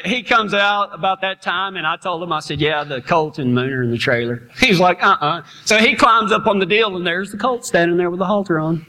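A man's voice: high-pitched, pushed and bright. A middle-aged man, preaching in a folksy, laughing storytelling manner. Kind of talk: storytelling sermon.

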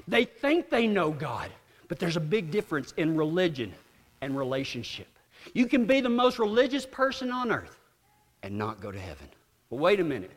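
A man's voice: high voice, a bit bright, big-room sound. A man preaching a sermon, animatedly acting out both sides of an argument as he tells the story.

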